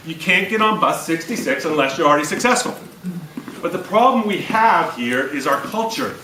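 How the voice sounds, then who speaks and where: A man giving an energetic, jokey motivational talk to a business audience and questioning the crowd. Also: fairly high pitch, normal speed, echoey room, distant mic, noisy background. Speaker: speaker at a business event. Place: event room before an audience.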